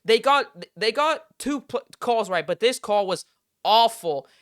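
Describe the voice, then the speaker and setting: Heated young man ranting, crisp bright voice. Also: high voice, animated, unhurried, dry recording, studio quality. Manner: heated, profane, exasperated ranting. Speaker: sports podcast host. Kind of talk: casual sports rant.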